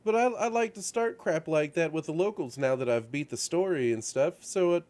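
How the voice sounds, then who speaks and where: A man's voice: on the high side, normal speed. A man hosting a casual talk show, rambling through video game stories with lots of fillers and restarts. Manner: rambling, animated storytelling with frequent fillers. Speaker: show host. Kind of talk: casual chat about video games. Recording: radio-show studio setup.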